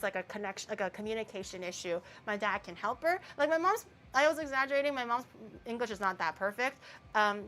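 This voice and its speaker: A woman's voice: fairly high pitch, fairly bright tone. A woman streamer chatting casually and rambling while she bakes, laughing often. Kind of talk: casual live-stream chat while baking.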